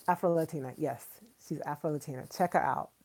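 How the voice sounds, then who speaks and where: Lady chatting on her livestream, kinda low voice, gushy and repeats stuff a lot, says y'all. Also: fast talker, darkish tone, husky. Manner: chatty, enthusiastic, addresses viewers as y'all; repeats herself for emphasis. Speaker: livestream host. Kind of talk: casual livestream chat.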